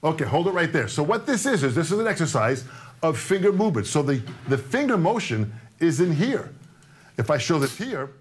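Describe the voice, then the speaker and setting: A man's voice: on the high side, very animated, a little fast. A man in his sixties teaching a live-streamed drum lesson, coaxing and joking as he repeats his instructions. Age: 60s.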